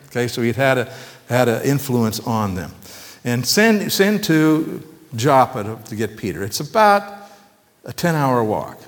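Male pastor, folksy and conversational sermon style, joking asides, long church reverb. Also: mid-range voice.

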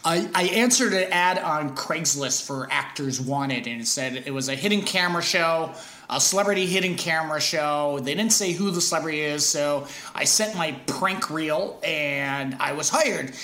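A man telling stories as a podcast guest, rambling and halting, breaking into laughs often. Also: fairly high pitch, bright, forceful tone, reverberant. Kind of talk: casual storytelling chat.

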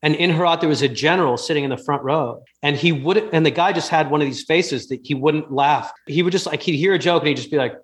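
A man, a comedian guest on a podcast, telling animated stories in a casual chat with quick restarts and laughter. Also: on the high side.

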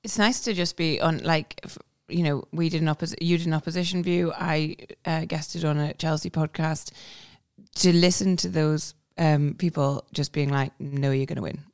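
Smooth-voiced chatty woman. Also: low voice, steady tone, moderate pace, darkish tone, dry recording, clean studio sound. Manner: chatty, rambling, many fillers and restarts. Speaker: podcast co-host. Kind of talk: casual football chat. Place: recorded in person with co-hosts.

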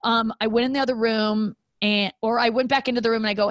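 Young woman podcast host, chatty, jumps way up in pitch when quoting people, dry close sound. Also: rapid-fire, few pauses, no room sound. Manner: animated storyteller, acts out quotes in a high voice. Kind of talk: casual chat.

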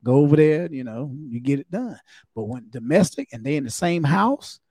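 A man's voice: on the high side, lively intonation, moderate pace, mellow, dry recording, clean studio sound. A man, a former cop turned comedian, co-hosting a podcast in loose, profane, casual chat and acting out voices.

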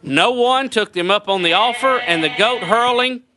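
Radio co-host, male, high voice, wisecracking over crowd noise. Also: moderate pace. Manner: joking, reads news then riffs. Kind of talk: comedic morning radio banter.

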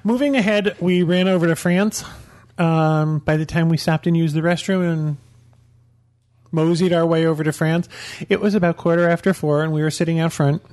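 A man's voice: a little high, fairly even intonation, moderate pace, darkish tone. A man giving a blunt, opinionated restaurant review on a casual podcast. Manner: blunt, opinionated, lists menu items. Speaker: dining reviewer.

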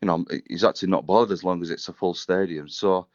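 This is a low-voiced man with a northern English accent who talks in a relaxed, modest way and keeps calling his hosts mate. He comes through a dull, lo-fi line with a dry sound, talking from his office. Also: quick pace, no echo. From England. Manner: laid-back, self-deprecating, says mate. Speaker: rugby league club general manager. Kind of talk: casual radio chat by phone.

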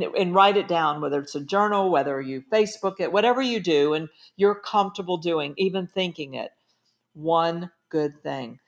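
A woman's voice: lowish voice, muffled recording. A middle-aged woman author, a guest in an interview, giving earnest and emphatic advice in conversation.

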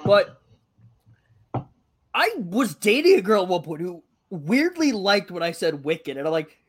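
Young male co-host, light Massachusetts accent, high lively voice, jokey and profane. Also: measured pace, a little hiss or hum. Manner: animated, joking, swears freely. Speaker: podcast co-host. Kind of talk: casual chat.

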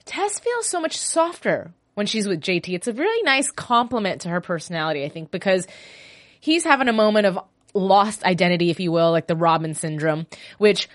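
Woman hosting her show, chatty and animated, dead dry mic, mid pitch. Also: brisk, no room sound. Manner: chatty and animated, quoting characters in voices. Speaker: host. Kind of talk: casual recap podcast.

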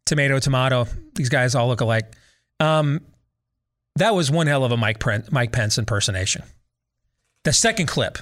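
A man's voice: mid-range voice, lively intonation, normal speed, pauses often, fairly bright tone. A man hosting a podcast, giving sarcastic, opinionated commentary with mocking repetition. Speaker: podcast host.

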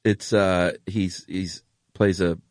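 Deep-voiced laid-back man. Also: steady tone, slow pace, no echo. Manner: laid-back, enthusiastic storyteller who laughs often. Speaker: podcast co-host. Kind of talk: casual chat.

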